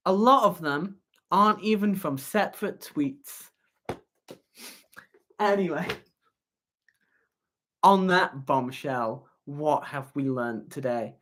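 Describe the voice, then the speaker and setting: Young adult, casual livestream chat, halting with fillers, slow-paced. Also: medium pitch. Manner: halting, with fillers and idle humming. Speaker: student union candidate hosting a livestream. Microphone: webcam or phone on a livestream.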